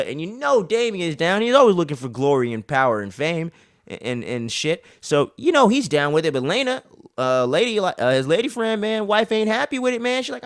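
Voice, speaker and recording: A man's voice: high voice, fairly quick, no echo, studio quality. A young man hosting a casual TV recap, talking in loose, profane slang. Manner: slangy and profane, animated retelling. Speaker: recap show host.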